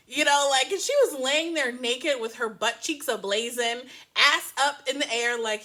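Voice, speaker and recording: A woman reviewing a book and its TV adaptation in a casual, animated way, laughing often and making playful asides. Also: high voice, a little slow.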